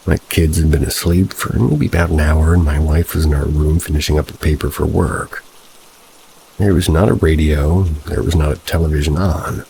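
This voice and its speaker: A man narrates a spooky first-person tale in a steady, unhurried way. His voice sits extremely low, with a rough, gravelly fry. Faint rain can be heard behind him. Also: a little hiss or hum, poor audio. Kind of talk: horror story narration.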